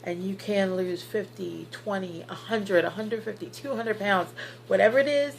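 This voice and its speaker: Speaking at normal speed with a creaky, medium-pitched voice, a woman in her thirties is heard over a little hiss or hum in poor audio. Her personal weight-loss vlog is earnest and encouraging, heavy on fillers, and tearful at times.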